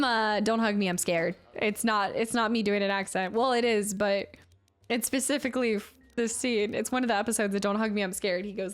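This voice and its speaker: A playful woman streamer chats through a game with a slightly high voice. Faint game music plays under her casual commentary. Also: moderate pace. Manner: chatty and playful, reading game dialogue aloud.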